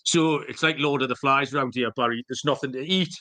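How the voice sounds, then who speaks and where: A man's voice: medium pitch, fairly quick, sharp tone. A man co-hosting a podcast, telling jokey, rambling stories with the odd swear word. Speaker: podcast co-host. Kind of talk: casual chat.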